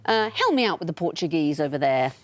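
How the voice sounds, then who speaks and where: Brief: woman quizmaster, lowish voice, dry and teasing, TV studio. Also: big pitch swings, fast, slight background noise. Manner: dry, witty, lightly teasing. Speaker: quiz show host. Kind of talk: hosting a TV quiz.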